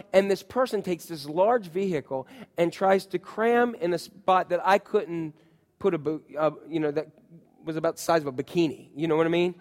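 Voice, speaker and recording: A man in his forties preaching a sermon, telling stories to his congregation in a lively, conversational way. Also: sits high. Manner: storytelling, animated, conversational with congregation. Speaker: pastor. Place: church sanctuary. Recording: long reverb of a hall.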